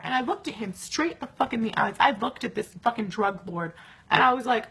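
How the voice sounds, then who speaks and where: A woman's voice: high voice, normal speed, gravelly, breathy edge. A young woman recounting a night out in a casual vlog, swearing often and filling her talk with "like". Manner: animated, swearing, many fillers.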